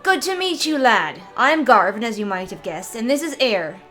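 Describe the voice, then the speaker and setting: A woman voicing a burly, scarred northern warrior man who talks in a slow, jovial, teasing drawl. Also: a little high, very animated, a bit bright, faint music behind. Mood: hearty teasing. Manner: slow drawling commoner talk.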